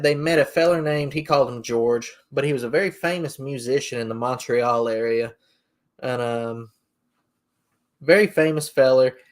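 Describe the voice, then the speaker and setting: A man hosting a podcast, telling a story in a rambling, folksy way. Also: mid-range voice. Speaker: podcast host. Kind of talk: casual storytelling.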